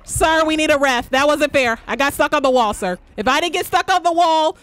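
A young woman streams a video game, talking through it with excitable commentary. She swears freely, cheers on her teammates, and breaks into shrieks when she is chased. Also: high voice, a little fast, faint music behind. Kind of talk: live gameplay commentary.

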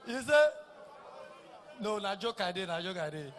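A middle-aged Nigerian man with a Nigerian Pidgin accent, doing a teasing stand-up routine that repeats lines and shouts punchlines. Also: sits high, lively intonation, moderate pace, some chatter behind. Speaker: stand-up comedian. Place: live comedy stage.

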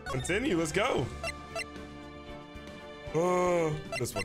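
A man's voice: on the high side, very animated, unhurried, pauses often. A young man doing casual let's play commentary, loose and slangy, laughing often. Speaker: streamer. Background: faint game music.

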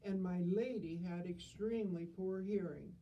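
A woman's voice: lowish voice, moderate pace, distant mic, lo-fi sound, a little hiss or hum. An older woman reading humorous stories with dry, self-deprecating wit.

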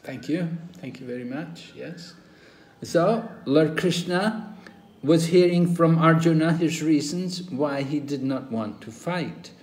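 An older man teaching a scripture class, telling stories slowly and acting out the quoted dialogue. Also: on the high side. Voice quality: slow, animated storytelling, acting out quoted dialogue. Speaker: spiritual teacher. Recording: roomy echo, faint ambient noise.

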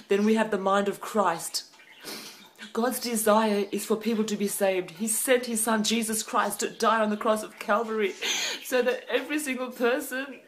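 A woman giving an impassioned prophetic message, fervent and emphatic, slowing down for solemn phrases and sometimes breaking into speaking in tongues. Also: on the high side. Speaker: prophetic preacher.

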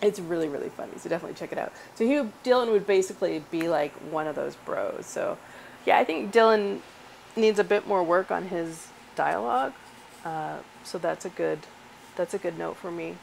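A woman's voice: fairly low pitch, moderate pace, vocal fry, a little hiss or hum. A woman hosting a script read stream in casual chat. She is chatty, laughs often and drifts into rambling asides.

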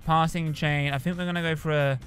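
A young man chatting casually and excitably as he plays a rugby video game. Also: on the high side, a little fast, soft background music. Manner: chatty, excitable, cheers on his team. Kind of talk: casual gameplay commentary.

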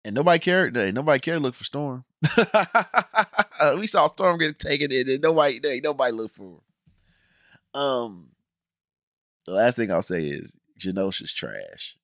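Brief: male reaction host, mid-pitched voice, emphatic slangy rant, dry close sound. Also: a little slow, dry recording. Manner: animated, emphatic, slangy, frequent restarts. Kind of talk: casual ranting review.

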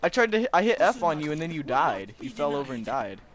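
A man's voice: on the high side, very animated, fast talker, a bit bright, a little hiss or hum. Giggly young gamer guy. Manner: giggly, easily surprised. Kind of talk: casual gaming chat with friends.

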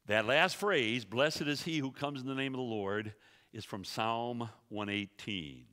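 A man teaching a sermon to a church audience, emphatic and quick, asking the room rhetorical questions. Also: mid-range voice, sharp tone, in a large hall. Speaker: Bible teacher. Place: church sanctuary.

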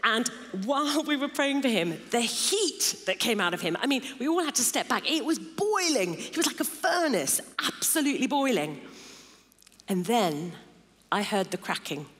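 A woman's voice: fairly high pitch, very animated, moderate pace, a bit bright. Emphatic woman preaching in a hall. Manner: emphatic, builds lists of intensifying phrases. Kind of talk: sermon. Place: large church hall. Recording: long hall reverb.

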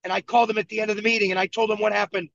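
A man from Buffalo, New York, with a high, gravelly voice coaches his team and drives his points home by repeating them. The sound is dry and dull, like lo-fi video call audio. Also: level tone, rapid-fire, a bit bright, no echo. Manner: emphatic, repetitive storytelling. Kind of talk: motivational coaching talk. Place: moving vehicle.

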